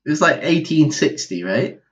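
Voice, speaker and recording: A man's voice: a little high, sing-song, moderate pace, fairly bright tone. Teasing man, dull lo-fi sound. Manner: teasing, mocking banter. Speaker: podcast co-host. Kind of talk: casual comedic chat.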